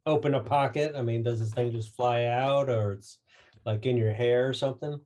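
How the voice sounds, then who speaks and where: A man narrating as game master in a tabletop game, relaxed and hesitant. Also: medium pitch, moderate pace.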